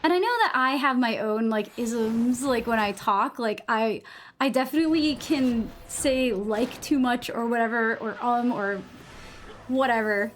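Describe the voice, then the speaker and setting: A woman's voice: on the high side, unhurried, a little hiss or hum. A young woman with a New England accent chatting casually while gaming on a live stream, rambling, saying "like" a lot and swearing freely.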